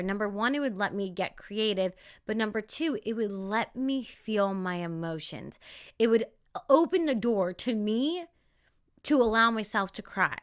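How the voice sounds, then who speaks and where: A young woman hosting a spiritual self-help podcast, talking in an emphatic, repetitive, animated way. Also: a little high. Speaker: podcast host.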